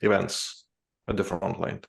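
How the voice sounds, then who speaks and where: A man with a deep, heavily gravelly voice co-hosts a casual podcast. He speaks haltingly, restarting words and filling gaps as he thinks aloud. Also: little pitch movement. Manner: halting, with many restarts and fillers. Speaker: podcast co-host. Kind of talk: casual political chat.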